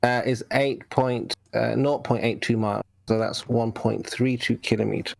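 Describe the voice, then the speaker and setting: A man's voice: mid-range voice, steady tone, normal speed, vocal fry, darkish tone, dry recording. A man taking part as the guest in a casual debate, affable and agreeable, who often repeats his questions and answers.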